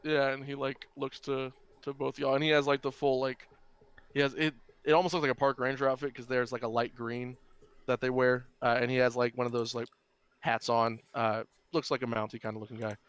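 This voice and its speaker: A Southern-accented man running a tabletop role-play as game master. He rambles along with plenty of fillers and laughs, in a mid-pitched, everyday voice. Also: flat delivery, fairly quick, fairly bright tone, clear, resonant tone.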